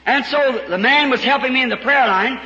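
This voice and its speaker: Male preacher, high pitched, bright and cutting, fervent storyteller who bursts into shouts, echoing hall. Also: brisk, lo-fi sound. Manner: fervent, breaks into shouts and chuckles. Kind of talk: storytelling sermon. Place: large church hall before a congregation. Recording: echoey hall, faint background noise.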